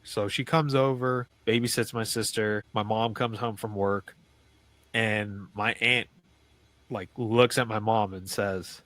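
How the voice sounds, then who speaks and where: A man's voice: on the low side, steady tone, slow pace, a bit bright, dry recording. A man, telling a personal ghost story in a loose, conversational way as a podcast guest. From New York City. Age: 30s. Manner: loose and conversational, many "like" fillers and restarts. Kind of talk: casual storytelling of a paranormal experience.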